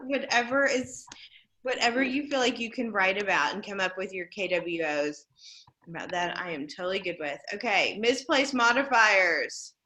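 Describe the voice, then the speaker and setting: A woman teaching a junior high class over a video call, upbeat and encouraging, playfully coaxing her students. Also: bright, forceful tone, slight background noise.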